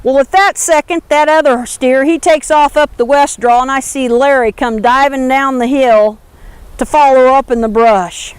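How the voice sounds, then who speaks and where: Folksy woman storyteller, animated, smooth clear voice, dry close sound. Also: high-pitched, no room sound.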